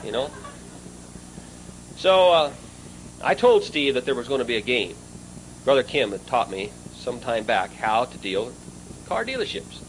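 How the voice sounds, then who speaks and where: A man preaching through a long personal anecdote, lively and conversational, turning to address a friend mid-story. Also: medium pitch, unhurried, pauses often, slight background noise, low-quality recording. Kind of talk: storytelling sermon.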